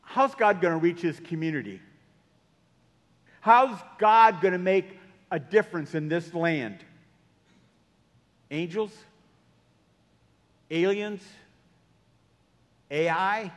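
A man's voice: high voice, slow, long pauses. A man preaching a sermon, telling stories and changing his pace for emphasis. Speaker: pastor. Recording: long hall reverb.

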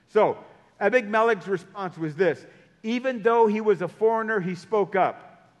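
A man preaching a sermon, telling stories and changing his pace for emphasis. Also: sits high. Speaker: pastor. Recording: long hall reverb.

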